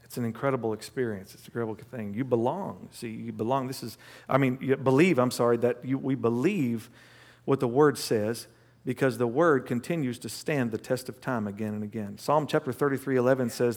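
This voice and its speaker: A male pastor preaching a sermon and telling a personal story, animated, swinging between loud bursts and hushed asides. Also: medium pitch, fairly quick. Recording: long hall reverb.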